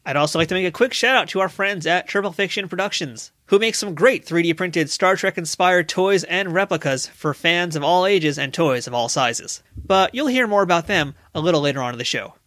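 A man's voice: high-pitched, animated, brisk, few pauses, bright, forceful tone, dry recording, clean studio sound. A man hosting a podcast interview, with eager, upbeat promotional patter. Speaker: podcast host.

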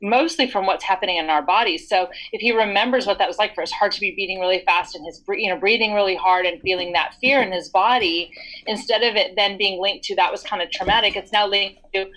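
A woman's voice: medium pitch, fast, poor audio. A woman in her forties chatting on a podcast, explaining parenting ideas through stories and acting out what a parent might say. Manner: warm explanatory storytelling, acts out parent lines. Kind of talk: casual podcast chat.

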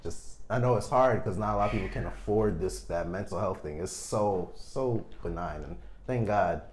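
Young New York man in his twenties, earnest advice-giving on a podcast, lowish voice. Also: moderate pace, slight background noise. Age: 20s. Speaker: podcast guest, educator. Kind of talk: casual podcast discussion.

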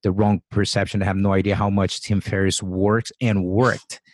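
A man hosting an interview podcast who asks questions and shares his own habits in a relaxed, casual way. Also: fairly low pitch, moderate pace, no echo, studio quality. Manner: relaxed, casual, many fillers and acknowledgements. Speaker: podcast host. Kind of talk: conversational interview.

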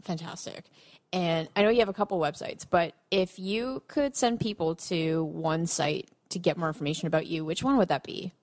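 A woman's voice: on the low side, moderate pace. A woman, hosting a casual podcast interview and laughing along. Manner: friendly, laughing, informal. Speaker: podcast host.

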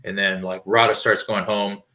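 With a lowish, level voice at a normal pace, this thirty-something podcast host sounds pushed and bright. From his home, where dogs bark close by, he rambles through casual stories loaded with fillers and curse words.

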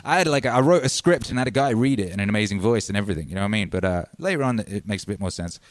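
Man ranting excitedly on a livestream. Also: rapid-fire. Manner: animated, swings from loud shouts to low mutters. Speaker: livestream host and musician. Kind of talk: casual livestream rant.

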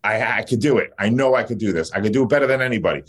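A man's voice: fairly low pitch, lively intonation, very fast, husky. A male dentist and educator talking in a casual interview, blunt, fired-up and openly emotional.

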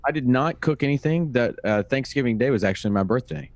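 A man's voice: medium pitch, expressive, fast talker, darkish tone, no echo. A man in his fifties, co-hosting a podcast from home, telling stories in a wry, dry casual chat. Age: 50s. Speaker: podcast co-host. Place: home recording room.

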